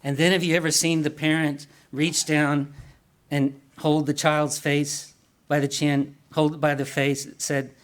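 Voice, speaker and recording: A man's voice: fairly high pitch, little pitch movement, measured pace. A man preaching a sermon in an earnest way, asking the congregation questions and often repeating or restarting words.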